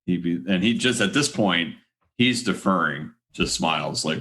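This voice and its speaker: A man playing a tabletop horror game, calmly explaining how his character feels and what he will do next. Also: low voice. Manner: thoughtful, deliberate, hedging with "I mean".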